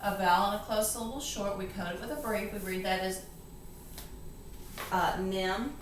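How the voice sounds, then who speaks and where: Lady tutor doing phonics, sounding out syllables real slow, kinda far from the mic in an echoey room w/ a little hiss. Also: mid-range voice, steady tone. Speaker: reading tutor. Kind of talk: step-by-step phonics lesson.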